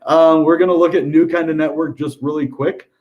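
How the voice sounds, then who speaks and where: A man's voice: on the high side, steady tone, normal speed, dull audio. Chatty American man reading charts. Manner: chatty, upbeat, lots of ums and dude. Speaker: crypto channel host. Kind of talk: casual chart analysis livestream.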